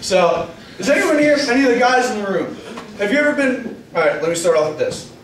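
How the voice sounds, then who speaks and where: A man's voice: sits high, big pitch swings, brisk, a little hiss or hum. A young man doing a crude, rambling stand-up set on a small club stage, often interrupting himself. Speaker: stand-up comedian. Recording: echoey club room, distant mic.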